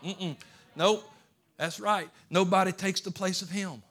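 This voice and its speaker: A pastor preaching a sermon to his church in a folksy, plainspoken way, rising into loud pleading cries and shouts. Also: sits high, fairly even intonation, unhurried. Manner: folksy Southern-style grammar like ain't and gonna. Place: church sanctuary.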